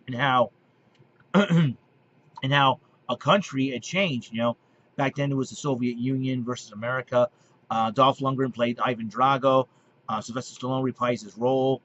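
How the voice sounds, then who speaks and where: A man in his late thirties talks casually as a video host, rambling, restarting his sentences and clearing his throat. The recording is dull and lo-fi with a faint hiss behind him. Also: medium pitch, bright, forceful tone. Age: 30s. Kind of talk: casual monologue to camera. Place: basement.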